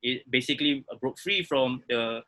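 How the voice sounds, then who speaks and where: A man's voice: medium pitch, moderate pace, pushed and bright. A man co-hosting a podcast, frank and rambling with lots of fillers. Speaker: podcast co-host. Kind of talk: casual podcast discussion.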